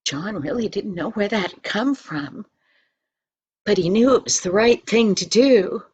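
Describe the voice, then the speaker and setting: A woman's voice: medium pitch, a little slow, a little mellow, breathy edge. An older woman reading a Christmas story aloud, with dramatic whispers and playful sound effects.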